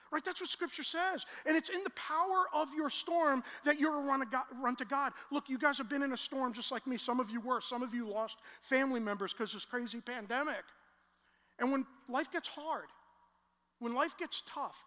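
A man preaching a sermon as a pastor, telling a story and building to loud, emotional peaks. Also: very high voice, moderate pace. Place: large church hall. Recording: long church hall reverb.

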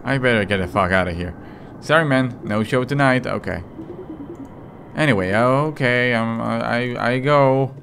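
A man's voice: mid-range voice, moderate pace, gravelly, a bit bright, slight background noise. A man doing let's play commentary, joking and reading in-game lines aloud with sudden outbursts. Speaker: gaming commentator.

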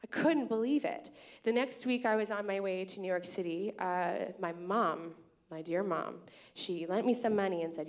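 A woman's voice: fairly low pitch, normal speed. A Canadian woman hosting a live tap festival show from the stage, chatty and grateful, telling stories with lots of "um" and "uh". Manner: chatty, grateful, storytelling with many fillers. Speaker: festival organizer and host. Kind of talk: onstage emcee speech to a live audience.

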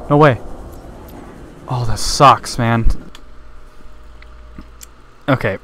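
A man's voice: medium pitch, drawn-out words, bright, forceful tone, a little hiss or hum. Jittery young-sounding male gamer. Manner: nervous, easily startled, screams when scared. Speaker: gameplay commentator. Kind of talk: let's play commentary.

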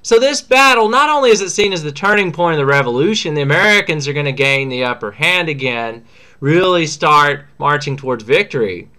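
A man's voice: fairly high pitch, bright, forceful tone, clear, resonant tone. A man teaching a history lesson in a casual, slangy way, acting out what historical figures say. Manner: chatty, slangy, acts out quotes.

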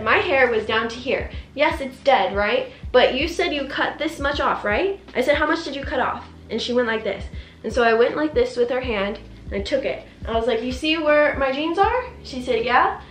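Socal girl in her 20s venting about a bad haircut story style, high voice, echoey room. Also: a bit bright. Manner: upset, rapid recounting with quoted dialogue. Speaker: vlogger. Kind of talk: casual storytelling rant. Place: indoors at home, doing makeup.

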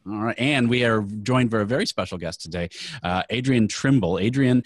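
A man's voice: mid-range voice, brisk, no echo. A man with a Minnesota accent hosting a webinar show, chatty and upbeat, with frequent fillers. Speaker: host.

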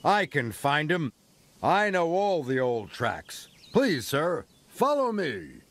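Man doing a boastful old steam engine, slow, lively pitch, storybook, music behind. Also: exaggerated voice. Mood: regretful. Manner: boastful, then remorseful.

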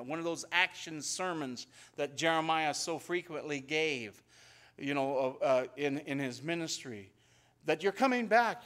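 A man's voice: on the high side, fairly bright tone. A man pastor teaching an expository sermon in a conversational way, often repeating words and acting out the prayers he quotes. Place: church sanctuary.

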